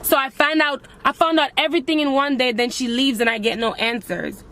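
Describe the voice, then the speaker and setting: Young woman, emotional vlogger, slightly high voice, confessional and raw. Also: fairly even intonation, fairly quick, pushed and bright. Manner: emotional, addresses viewers as guys. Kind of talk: emotional personal vlog.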